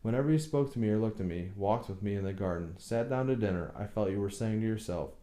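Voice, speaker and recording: A man's voice: lowish voice, fast talker, mellow, roomy sound, natural voice. A man voicing a shy, anxious young bride who asks earnest, pleading questions in an audiobook reading.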